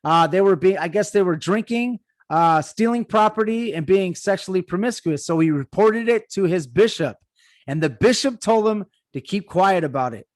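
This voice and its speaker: Hesitant man, higher voice, dry sound. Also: lively intonation, normal speed, no room sound. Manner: hesitant reading-style recounting with fillers, addresses listeners as guys. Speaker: podcast host. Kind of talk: casual podcast chat.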